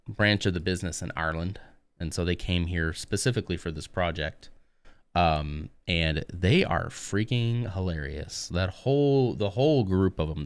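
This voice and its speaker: A man's voice: low-pitched, a bit bright, clean tone, dry recording. A man chatting casually on a live stream while building a model kit, rambling and muttering to himself as he works.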